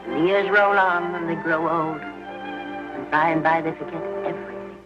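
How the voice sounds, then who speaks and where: In a 1930s film, an actress plays a stern, fiercely determined elderly pioneer grandmother who lectures her granddaughter firmly and forcefully. Her voice is deep and natural, with fairly even intonation at a normal speed. The soundtrack is muffled, with music underneath.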